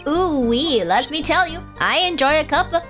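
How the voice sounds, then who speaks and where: A woman's voice: moderate pace, soft background music. A woman voicing a brash, attention-seeking male tabloid journalist while reading game dialogue aloud, tagging his boasts with "end quote". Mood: boastful. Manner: excitable, jumping pitch.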